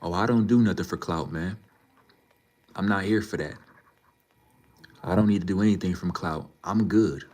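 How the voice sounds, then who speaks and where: A man's voice: low voice, darkish tone. A man livestreaming, talking casually and emphatically to his chat, repeating his points as he lectures the viewers. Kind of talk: casual live-stream talk to chat.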